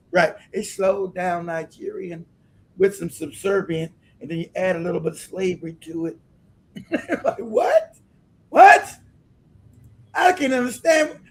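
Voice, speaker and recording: A man hosting a livestream, giving loud, blunt commentary that he keeps breaking up with laughter. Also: high voice, creaky. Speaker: livestream host.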